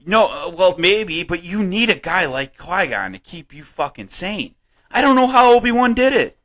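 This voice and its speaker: A man co-hosting a comedy podcast, rambling and swearing in casual chat, laughing often and jumping up in pitch when worked up. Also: normal speed. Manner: animated, voice jumps up when worked up. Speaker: podcast co-host.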